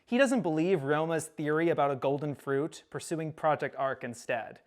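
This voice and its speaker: A young man giving a casual recap lecture, animated, acting out characters' lines with sudden loud outbursts. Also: fairly high pitch, normal speed.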